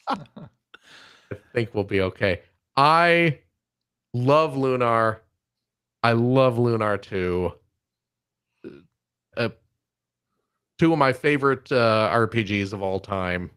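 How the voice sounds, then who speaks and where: Slow-talking man on a podcast. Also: medium pitch, expressive, a bit bright, clear, resonant tone. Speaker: podcast co-host. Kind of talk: casual chat.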